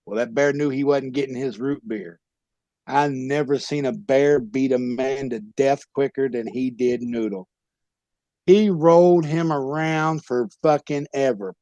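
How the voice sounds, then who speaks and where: A former pro wrestler telling a rowdy, profane story as a podcast guest. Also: male voice, medium pitch, no room sound. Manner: profane, loud tall-tale telling. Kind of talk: animated comic storytelling.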